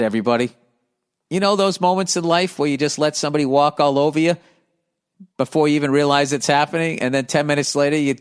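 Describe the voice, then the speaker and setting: A man's voice: fairly high pitch, smooth. A middle-aged man hosting a podcast, reading listener mail and riffing on it in a profane, sarcastic rant. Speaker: comedian podcast host.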